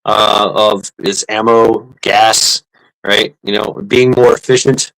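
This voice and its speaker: A man with a gravelly, rough-edged voice hosts a casual live stream. He rambles through his points with plenty of fillers and false starts, stopping to thank viewers and answer their comments. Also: on the low side, fairly even intonation, takes it slowly, fairly bright tone, poor audio. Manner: rambling, many fillers and restarts, reads out chat. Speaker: livestream host. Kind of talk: casual livestream chat.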